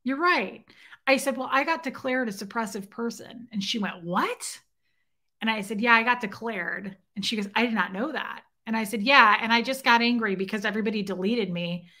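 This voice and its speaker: This young adult woman's voice is on the high side and fairly quick as she hosts her own show and tells her viewers about a personal encounter. Acting out both people in the exchange, she keeps things animated and adds asides to chat.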